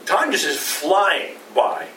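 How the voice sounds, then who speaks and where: A man's voice: a little high, moderate pace, fairly bright tone. A middle-aged man preaching a Sunday sermon as pastor, speaking conversationally and asking the congregation rhetorical questions. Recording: roomy, distant, faint ambient noise.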